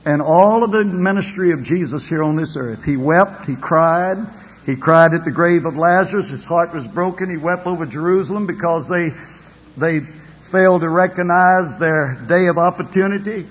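A man's voice: on the high side, moderate pace, slightly rough, in a large hall, poor audio. An older man, a pastor, preaching a sermon with a rising and falling delivery and calls of "Amen.".

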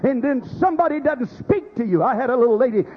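Husky-voiced preacher man, lively and high. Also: fast talker, highs cut off. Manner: animated preaching with voiced quotes. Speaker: pastor. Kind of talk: sermon.

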